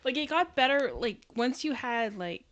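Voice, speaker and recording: A woman's voice: on the high side, animated, moderate pace, fairly bright tone, dull audio. A woman from Canada co-hosting a casual livestream, chatting and explaining things. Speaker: co-host.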